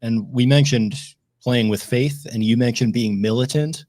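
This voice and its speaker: A man's voice: medium pitch, normal speed, a little mellow, no room sound. A young man co-hosting a sports podcast, sounding frustrated and packing his talk with colorful sayings. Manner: frustrated, lots of likes and restarts, colorful sayings. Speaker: podcast co-host.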